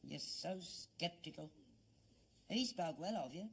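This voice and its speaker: A man's voice: on the high side, lively intonation, measured pace, creaky, husky, heavily acted. A man playing a gullible old father in a sitcom, with an earnest, put-upon manner. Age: older. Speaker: actor in sitcom. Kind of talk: 1970s sitcom acting.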